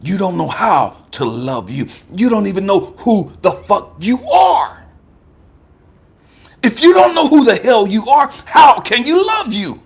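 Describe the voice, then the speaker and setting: A man voicing God as a stern but patient divine presence, speaking slowly in a hushed, partly whispered way. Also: high voice, big pitch swings, gravelly, husky, heavily acted.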